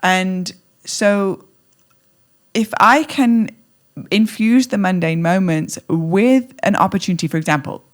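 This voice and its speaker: A woman talking as a podcast guest in an animated, playful way, acting out little scenes as she speaks. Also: mid-range voice, slow pace. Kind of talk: conversational interview.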